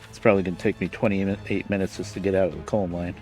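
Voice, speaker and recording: A man's voice: deep voice, level tone, fast talker, a little mellow, faint music behind. A man with a lisp, casually rambling as he streams a game and mutters to himself. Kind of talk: casual live-stream commentary while playing.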